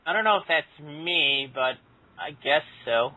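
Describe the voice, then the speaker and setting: Playful male panelist, bright and animated, dull lo-fi sound with faint hiss. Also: on the high side, a little slow, no echo. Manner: playful, slips into joking voices. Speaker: podcast panelist. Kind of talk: casual group chat. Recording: dull lo-fi audio with faint noise.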